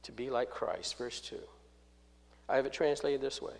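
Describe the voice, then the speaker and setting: A man with a medium-pitched voice and some vocal fry preaches a sermon, reading scripture aloud and explaining it. His loudness swings widely, and he slows down on key phrases.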